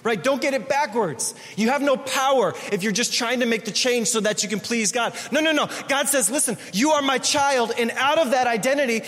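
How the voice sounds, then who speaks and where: High-voiced pastor preaching in a reverberant hall. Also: male voice, fairly bright tone. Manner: conversational, emphatic preaching with repeated phrases. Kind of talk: sermon.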